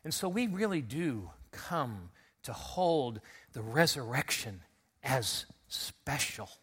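Taking it slowly, a middle-aged pastor preaches an earnest Easter sermon in a slightly rough, mid-range voice marked by big pitch swings. He is recovering from a recent illness and rises to loud, emphatic calls to his congregation.

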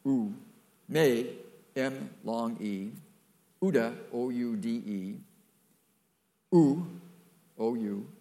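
Older man preaching, gravelly voice, unhurried delivery, folksy and emphatic. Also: mid-range voice, dark tone. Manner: folksy and emphatic, with playful asides to the congregation. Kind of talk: sermon.

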